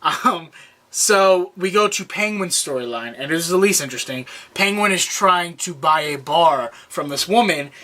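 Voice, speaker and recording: A man's voice: fairly high pitch, expressive, moderate pace, sharp tone. A young man casually recapping a TV episode on a podcast, rambling and acting out quoted lines. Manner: rambling, many restarts, acts out quoted lines. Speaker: podcast co-host.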